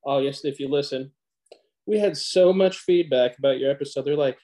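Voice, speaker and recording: A man co-hosting a podcast in excitable, profane casual chat, calling everyone "dude.". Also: medium pitch, normal speed. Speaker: podcast co-host.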